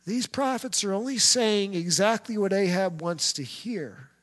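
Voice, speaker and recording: High-voiced male preacher in a hall. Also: a little slow. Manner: storytelling, lively retelling with quoted characters. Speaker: pastor. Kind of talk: sermon.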